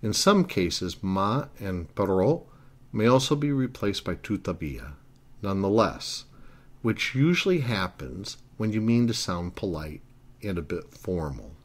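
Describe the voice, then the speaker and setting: A man's voice: low voice, big pitch swings, unhurried. A man narrating a language lesson, explaining grammar earnestly and step by step. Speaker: Italian language teacher.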